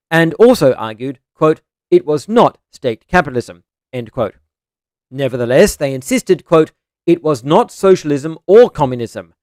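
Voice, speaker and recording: A man giving scripted narration in a measured, even reading voice, reading out citations and marking each quote and end quote. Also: on the high side, no room sound, clean studio sound.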